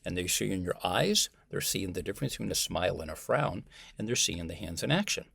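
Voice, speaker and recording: An American man, a communication professor, talking as a guest in a conversational interview, animated and emphatic. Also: low voice, fairly quick, vocal fry, husky, no echo. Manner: animated and emphatic, acts out example voices.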